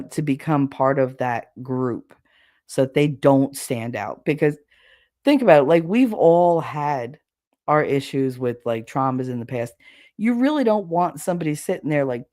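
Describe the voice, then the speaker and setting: With a low-pitched, slightly mellow voice, this middle-aged livestream host speaks in a thick regional American accent. She keeps the chat casual, laughing a lot and swearing offhandedly. The studio-quality audio from her livestream setup has no room sound.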